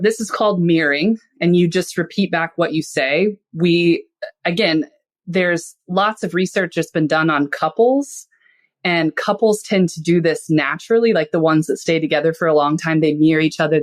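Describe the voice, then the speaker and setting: A woman speaking as a podcast guest, explaining ideas in a casual, conversational way and acting out small everyday examples. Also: sits low. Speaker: podcast guest, finance and psychology expert.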